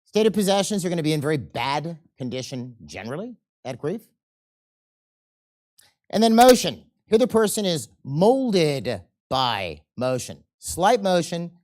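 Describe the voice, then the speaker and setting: A man teaching a seminar, animated and often checking in with the audience, and acting out quoted people in changing voices. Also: fairly high pitch, normal speed. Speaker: seminar instructor. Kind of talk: live seminar lecture.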